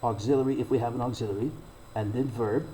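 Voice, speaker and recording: A man giving a recorded English grammar lesson, explaining slowly and deliberately and reading out example sentences. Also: medium pitch, steady tone, dark tone, slight background noise, rough recording. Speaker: English teacher.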